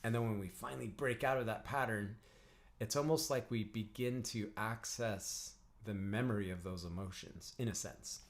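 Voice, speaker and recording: A man who teaches didgeridoo and works as a counsellor gives a calm breathing lesson on a livestream. He speaks in an instructive way, often clears his throat and greets viewers in the chat. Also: fairly low pitch, normal speed. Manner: chats with viewers in the live chat.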